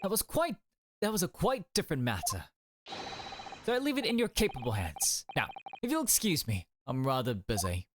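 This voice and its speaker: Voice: medium pitch, wildly swooping pitch, normal speed, pitched above the performer's own voice. A streamer voicing a haughty, dismissive game character with a prim, clipped delivery. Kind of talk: reading game dialogue aloud on stream.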